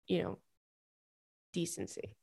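A woman's voice: slow pace, warm tone, no echo, clean studio sound. A woman in her thirties hosting a podcast, chatting casually and reading listener emails, with rambling asides and plenty of swearing. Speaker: podcast host.

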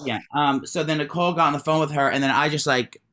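A man's voice: fairly high pitch, steady tone, fast, a bit bright. A man co-hosting a podcast, telling a story in casual chat, rambling with many restarts and giggles. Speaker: podcast co-host.

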